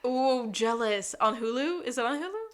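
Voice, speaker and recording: A woman co-hosting a podcast, chatting casually as she recaps a TV episode in a lively storytelling way. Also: fairly high pitch, moderate pace. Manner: lively storytelling, acting out quoted lines. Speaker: podcast co-host.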